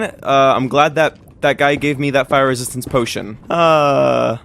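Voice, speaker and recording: A man's voice: mid-range voice, fairly even intonation, unhurried, creaky, a bit bright, slight background noise. A young man giving casual, upbeat let's-play commentary on his game, with dramatic reactions. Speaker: gaming YouTuber.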